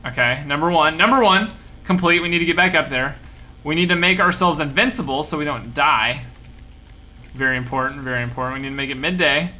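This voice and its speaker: A young man streaming a game, giving energetic commentary and often repeating himself. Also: fairly high pitch, a little fast. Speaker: gaming streamer. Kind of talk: excited live gameplay commentary.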